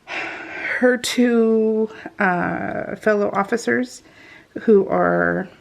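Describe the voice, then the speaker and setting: Middle-aged woman, casual vlog storytelling, laughs a lot, gravelly voice, mid pitch. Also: extremely slow. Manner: chatty, laughing often, many restarts. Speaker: scrapbooking vlogger.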